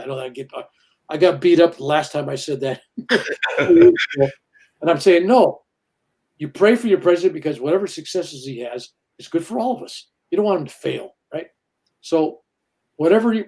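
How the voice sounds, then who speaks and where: An older man talks earnestly as a guest minister, lively in pitch and fond of acting out the voices in his stories. His tone is mellow and dark, never sharp. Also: fairly quick. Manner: earnest, animated storytelling with quoted voices. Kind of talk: spiritual interview talk.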